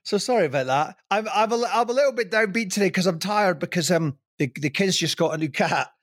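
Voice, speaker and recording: A middle-aged man talking on a podcast, with a voice sitting a touch high for a man. He rambles, makes fun of himself and breaks into laughs often. The sound is dry and close, with no room around it. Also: expressive, brisk, dry recording. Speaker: podcast guest. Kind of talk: casual podcast chat.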